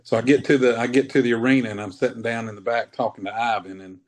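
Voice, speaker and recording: A man in his fifties, a wrestler telling old stories in a relaxed, rambling way during an interview. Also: medium pitch, quick pace. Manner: rambling, laid-back, says man often. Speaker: wrestler guest. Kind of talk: casual interview storytelling.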